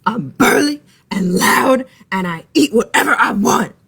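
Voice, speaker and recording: A woman reading a storybook, voicing a small, bold female bunny who talks loudly and boastfully. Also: on the high side, expressive, unhurried, gravelly, slightly rough, heavily acted. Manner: loud, brash, boastful.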